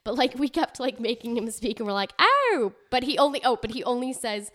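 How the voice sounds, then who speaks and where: A woman's voice: on the high side, fast. A young woman co-hosting a podcast, giggling and riffing on silly voices in casual chat. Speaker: podcast co-host.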